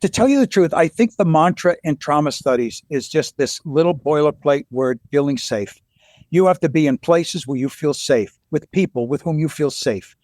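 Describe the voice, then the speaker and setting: Animated, joking high-voiced man. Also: normal speed, dry recording, clean studio sound. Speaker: guest author. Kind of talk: casual interview.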